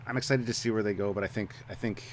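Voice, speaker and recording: A man's voice: fairly low pitch, fairly even intonation, fast talker, a little hiss or hum. A man co-hosting a casual review chat, talking hesitantly with many fillers and restarts. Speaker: co-host of a review show.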